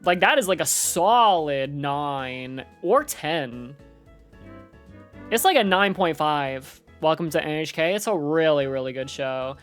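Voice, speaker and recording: A young woman chats on a live stream in a slightly low voice, rambling in a loose, slangy way. She leans on filler words and casual asides to her audience. Faint music plays under her talk. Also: expressive, measured pace.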